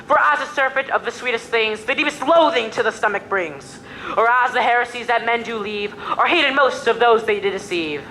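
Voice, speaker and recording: A woman's voice: fairly high pitch, brisk, sharp tone, a little hiss or hum. A young actress as ardent young male lover. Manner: earnest declaiming verse. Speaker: student actor. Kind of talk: school stage play.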